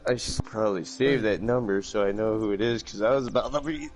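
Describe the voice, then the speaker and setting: Telling stories with animation during a casual live stream chat, a man acts out phone calls in raised voices. His pitch is fairly low and his pace a little fast.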